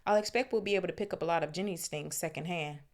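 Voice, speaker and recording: A woman reading the lines of a worried, warm-hearted mother in her own low voice, a little slower. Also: natural voice. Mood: kindly.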